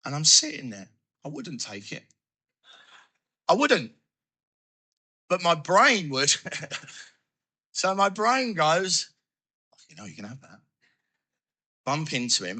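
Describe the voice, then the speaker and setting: A man giving a personal recovery testimony, telling his story in an animated way and acting out his own thoughts. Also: a little high, moderate pace, long pauses. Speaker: recovery speaker.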